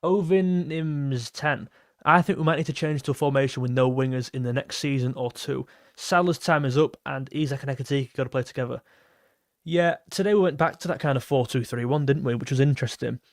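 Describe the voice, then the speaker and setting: A young man with a medium-pitched voice hosts a casual football fan livestream, talking fairly quickly as he reads viewer messages and chattily thanks donors. The recording is studio quality with no echo.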